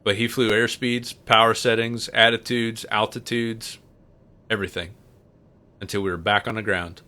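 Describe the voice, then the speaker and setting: A man's voice: mid-range voice, bright, forceful tone. A man hosting a casual livestream, chatting and telling stories with a joking manner while he flies. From United States. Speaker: livestream host and pilot.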